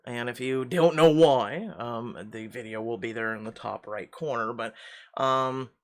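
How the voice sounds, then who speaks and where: A man's voice: mid-range voice, unhurried. A man who reads story games aloud and then talks casually, hesitant and full of fillers when off script. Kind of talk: story narration and casual outro chat.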